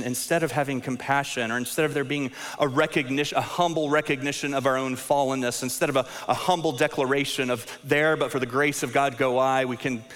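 A man's voice: mid-range voice, fairly bright tone. A man in his thirties preaching a sermon as a pastor, conversational and self-deprecating, often repeating words as he restarts. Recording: long reverb of a large hall.

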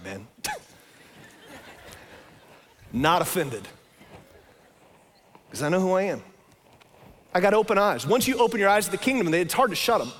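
Casual pastor, high voice, hall reverb, chatty sermon delivery. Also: male voice, a little hiss or hum. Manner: conversational preaching, often says "man".

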